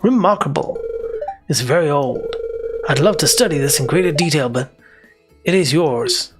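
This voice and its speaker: Man putting on a drawling southern museum curator, slow and formal, gravelly edge. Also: a little high, animated, faint music behind. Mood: drawling, polite. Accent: put-on American Southern.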